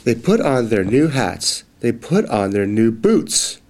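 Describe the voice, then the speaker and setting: A man reading a children's phonics book aloud, slow and clearly enunciated. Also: mid-range voice, sing-song, darkish tone, a little hiss or hum. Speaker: reader.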